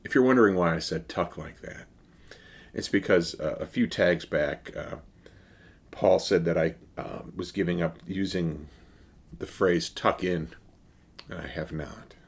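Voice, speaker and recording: Low-voiced man rambling through a beer review. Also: a little slow, vocal fry, slightly rough. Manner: rambling, wry, many fillers. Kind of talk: casual beer review vlog.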